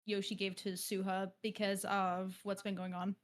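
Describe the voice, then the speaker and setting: A woman's voice: mid-range voice, flat delivery, moderate pace. Swearing woman streamer telling stories. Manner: swears freely, tells stories with quoted voices. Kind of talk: casual chat about roleplay.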